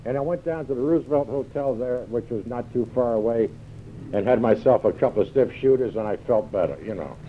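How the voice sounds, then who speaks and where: A man's voice: mid-range voice, brisk. An older American man spins a wry, self-mocking story at a recovery meeting, slipping into the voices of the people in it. His voice sits in the middle range. It comes through a dull, lo-fi 1978 tape with a faint hiss underneath. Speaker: AA speaker. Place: large hall with live audience.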